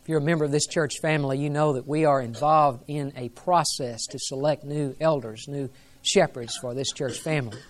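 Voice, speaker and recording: A man's voice: fairly high pitch, steady tone, normal speed. A male pastor preaching a sermon in an earnest, reverent way, building to emphatic rises.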